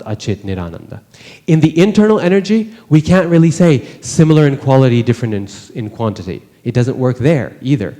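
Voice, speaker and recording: A man's voice: mid-range voice, dark tone, in a large hall. A man teaching a scripture class in a conversational way, often putting rhetorical questions to the listeners. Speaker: religious teacher. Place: temple hall.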